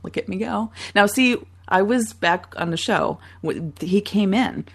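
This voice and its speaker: A woman in her thirties co-hosting a talk show, telling stories in a giggly, animated way. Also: medium pitch, measured pace, gravelly, slightly rough. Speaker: radio show co-host. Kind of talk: casual chat.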